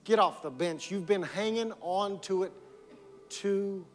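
A pastor preaching a sermon, building repeated lines into emphatic calls and dropping low to press a point. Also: male voice, moderate pace. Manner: repetitive preaching cadence, rising to emphatic calls. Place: church sanctuary. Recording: long hall reverb with music.

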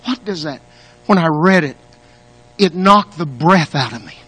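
A man's voice: a little high, animated, unhurried, slightly rough, dry recording. A male preacher delivering an impassioned sermon, building rhythm by repeating words and long lists. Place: church sanctuary. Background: soft guitar music.

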